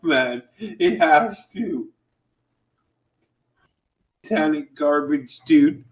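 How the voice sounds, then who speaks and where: A man chiming in with slow, blunt, profane remarks. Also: on the high side, lively intonation. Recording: echoey room, distant mic.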